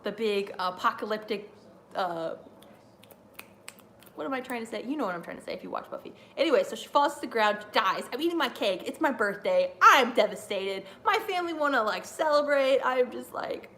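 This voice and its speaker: A woman streamer chatting live during a wrestling watch-along, rambling and excitable with lots of fillers. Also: on the high side, moderate pace. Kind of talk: live reaction chat.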